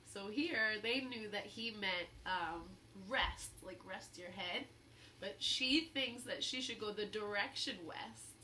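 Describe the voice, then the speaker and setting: A woman reading a children's picture book aloud, pausing to explain the story to young listeners. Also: mid-range voice, pushed and bright. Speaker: storybook reader. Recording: roomy echo, faint hum.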